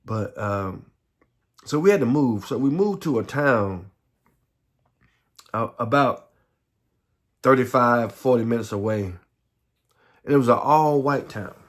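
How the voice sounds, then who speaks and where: Halting middle-aged Southern man. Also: mid-range voice, expressive. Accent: Southern American. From Southern United States. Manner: halting, repeats words, frequent restarts. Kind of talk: personal life story monologue.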